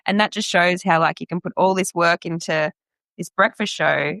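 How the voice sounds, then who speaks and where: A young Australian woman, a radio presenter, chatting candidly as a podcast guest with quick asides. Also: fairly low pitch, gravelly, fairly bright tone, no echo. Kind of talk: casual interview chat.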